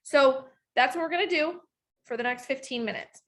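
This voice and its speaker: A woman's voice: sits high, normal speed. A woman leading a live online sales training for her team, talking energetically with lots of fillers and restarts. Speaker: network marketing trainer.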